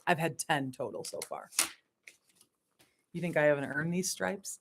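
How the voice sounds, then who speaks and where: With a low voice and a slightly slow delivery, a woman spiritual coach laughs and swears through a candid livestream monologue. She shifts between quiet asides and emphatic outbursts, over a noisy background.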